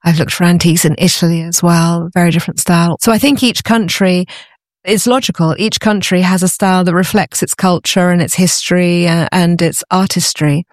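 A woman's voice: lowish voice, steady tone, brisk, dry recording, clean studio sound. A woman, a podcast guest, talking about her antiques business in an enthusiastic, conversational way and often restarting her phrases. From Britain. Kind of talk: conversational interview.

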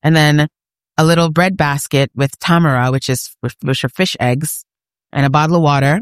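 A New York City woman who hosts a food podcast appears as a guest, sitting at an outdoor eating area on a market street. Her voice is deep, steady, and clean, at a normal speed, and she chats casually while laughing often. The recording is dry and studio-clean.

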